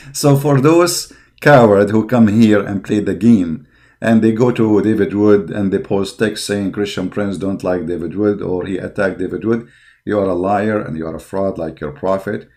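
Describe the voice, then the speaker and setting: This religious commentator has a low, slightly mellow voice with vocal fry. Speaking non-native English in a fiery online commentary, he preaches combatively, leans on frequent fillers, and turns heated and mocking.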